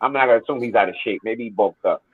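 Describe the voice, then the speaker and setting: A man hosting a football watchalong, telling animated stories with plenty of swearing. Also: lowish voice, very fast, husky, dry recording, narrow, tinny audio. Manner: animated storytelling, heavy swearing, acts out quotes. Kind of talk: casual watchalong chat.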